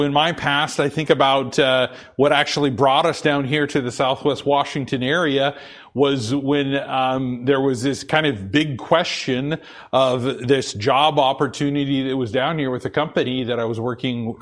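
A man's voice: mid-range voice, steady tone, normal speed, a bit bright. A middle-aged man giving a conversational sermon and personal testimony, earnest and hesitant, with many fillers and restarts. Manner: earnest, confessional. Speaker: lay preacher.

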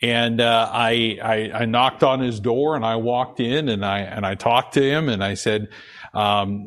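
A man's voice: mid-range voice, fairly even intonation, unhurried, fairly bright tone. A middle-aged man giving a conversational sermon and personal testimony, earnest and hesitant, with many fillers and restarts. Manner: earnest, confessional. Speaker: lay preacher.

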